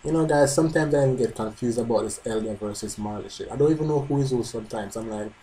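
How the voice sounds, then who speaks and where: Man hosting a manga reaction, casual and profane, warm and mellow voice. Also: medium pitch, fast talker, a little hiss or hum, poor audio. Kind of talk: live reading and reaction.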